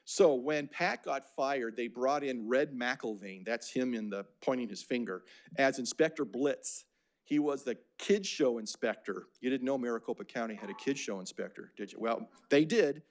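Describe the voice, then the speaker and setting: Speaking at a normal speed in a mid-range voice, an older Phoenix, Arizona man delivers a relaxed lecture about slides. It's anecdotal and full of fillers and restarts.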